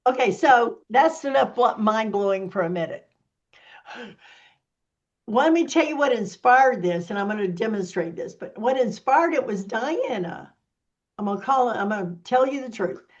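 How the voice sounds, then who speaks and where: A woman giving a casual teaching talk as a workshop presenter, with an animated, sassy manner, explaining step by step. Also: on the high side, moderate pace, lo-fi sound.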